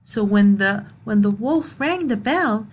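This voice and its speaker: A woman teacher reading a picture book aloud to young learners, explaining words slowly and asking questions. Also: mid-range voice, expressive, breathy edge. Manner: slow, repeats and explains words, asks questions.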